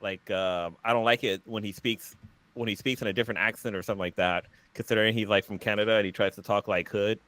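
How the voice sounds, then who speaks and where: Fast-talking low-voiced podcast man. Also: steady tone, a bit bright, no echo. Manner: rushed, restarting sentences with likes and ums. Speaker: podcast co-host. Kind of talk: casual chat.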